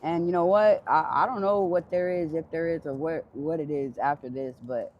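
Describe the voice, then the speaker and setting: A woman's voice: sits low, normal speed, dull audio, slight background noise. A woman chatting outdoors in the freezing cold on a clip-on jacket mic, ranting bluntly and swearing freely. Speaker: vlogger. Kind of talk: casual outdoor chat.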